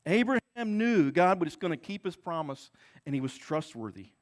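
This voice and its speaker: High-voiced earnest preacher. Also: male voice, animated, normal speed. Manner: earnest, repeats words for emphasis. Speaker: pastor. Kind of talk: sermon.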